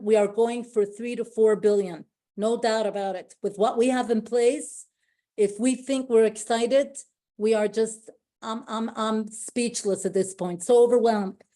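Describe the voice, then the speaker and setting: A woman with a mellow, medium-pitched voice gives an emotional, effusive motivational speech to her company team over a call. She often repeats herself and restarts her sentences.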